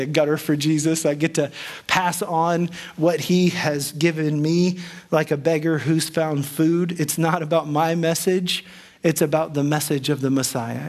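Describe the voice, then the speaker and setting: A man preaching a sermon as pastor, talking to his congregation in an earnest, conversational way with frequent restarts. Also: a little high.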